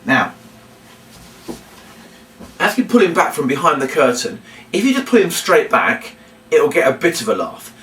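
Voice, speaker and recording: A man teaches a children's puppet routine. He hesitates with many ums and breaks into loud, high calls to demonstrate. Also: sing-song, moderate pace, pauses often. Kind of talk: instructional demonstration. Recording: roomy, distant mic, faint room noise.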